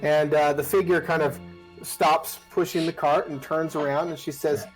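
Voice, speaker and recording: A man's voice: fairly high pitch, steady tone, moderate pace, faint music behind, poor audio. A man narrating as dungeon master in a casual, rambling way, with many fillers and restarts. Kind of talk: narrating a tabletop game.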